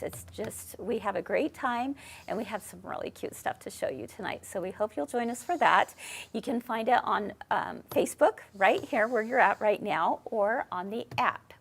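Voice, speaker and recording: A woman's voice: on the high side, gravelly. A woman hosting a live shopping show, gushing with bubbly enthusiasm as she shows off new products. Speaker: host.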